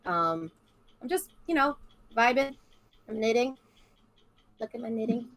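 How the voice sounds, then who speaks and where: A woman speaking on a casual livestream, hesitant and shy, with many pauses and fillers. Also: a little high, animated, fairly bright tone, no room sound. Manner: hesitant, shy, lots of ums. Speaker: artist guest.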